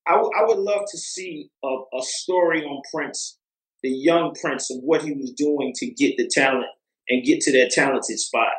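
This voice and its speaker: A man's voice: a little high, moderate pace, echoey room, rough recording. A man talking as a music producer guest in a casual interview, rambling with lots of fillers and restarts.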